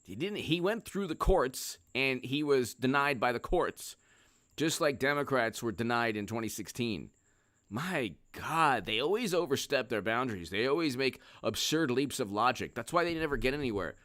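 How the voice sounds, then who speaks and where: A man's voice: mid-range voice, expressive, normal speed, a bit bright, no echo, clean studio sound. A man commentating on politics in a casual, sarcastic, rambling live-stream chat.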